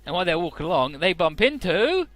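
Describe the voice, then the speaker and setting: A man's voice: big pitch swings, quick pace, fairly bright tone, no room sound, faint music behind. A young man in casual game commentary, swearing freely and reading out character lines in playful voices. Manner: swearing, laid-back, jumps into squeaky voices for characters. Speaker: let's play commentator.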